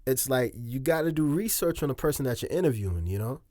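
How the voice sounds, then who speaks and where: A man's voice: mid-range voice, lively intonation, quick pace, darkish tone, no room sound, clean studio sound. A man giving casual video commentary, chatty, laughing often, with slangy asides.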